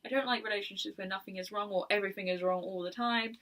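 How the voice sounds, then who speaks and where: A young woman chatting casually about books in her video, enthusiastic and quick to laugh. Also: medium pitch, steady tone, fairly bright tone. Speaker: book vlogger. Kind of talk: casual chat.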